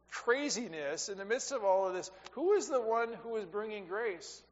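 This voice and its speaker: A man giving a sermon as a pastor, talking conversationally, rising for emphasis and dropping to quiet asides. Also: high-pitched, very animated, moderate pace. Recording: dull sound with long reverb in a hall.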